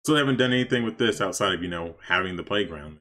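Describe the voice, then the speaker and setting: A man casually commenting on his gameplay for stream viewers, chatty and excitable, talking to his chat. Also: low-pitched, quick pace. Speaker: streamer playing a life-sim game.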